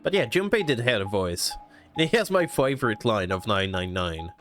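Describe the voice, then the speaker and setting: A chatty man from Canada talks through a video game, his pitch swinging widely as he jokes and laughs. Soft game music plays behind him. His commentary is loose and animated. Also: normal speed. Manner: chatty, laughs often, lively. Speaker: gaming streamer. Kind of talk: let's-play commentary.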